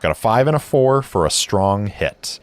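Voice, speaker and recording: A man narrating and playing a solo tabletop role-playing game in a deliberate, descriptive way. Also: lowish voice, expressive, no echo. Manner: deliberate, descriptive, with dice-roll asides. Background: faint music.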